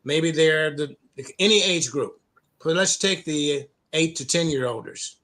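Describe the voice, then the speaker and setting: A middle-aged man from the United States, a program founder telling stories in an interview, with many restarts and an occasional cleared throat. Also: fairly high pitch, pushed and bright. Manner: halting, many restarts and repeated words. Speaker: anti-bullying program founder, guest. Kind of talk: conversational interview storytelling.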